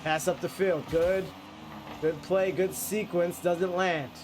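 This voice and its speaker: A man casting an esports match in excitable play-by-play style, sounding congested and nasal from a cold. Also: sits high, slow pace, background noise. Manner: excitable play-by-play with frequent restarts. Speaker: esports caster.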